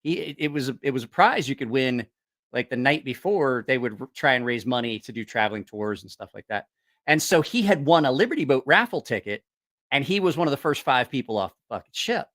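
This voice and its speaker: A man tells a story in a loose, rambling way, full of swearing and restarts. He sounds casual and animated, like a channel host chatting with his viewers. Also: mid-range voice, brisk. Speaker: host of a knife-sales channel.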